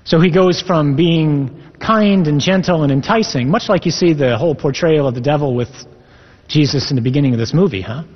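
This sermon comes from a man preaching as a Catholic priest who reads scripture aloud and explains it with earnest emphasis. He speaks fairly quickly in a voice on the high side, captured with dull lo-fi sound in an echoey hall.

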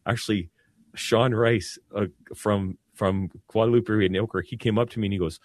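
A man's voice: lowish voice, moderate pace, no echo, studio quality. A man who is a Catholic priest, talking earnestly in a casual discussion, often restarting his sentences. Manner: earnest, animated, many restarts.

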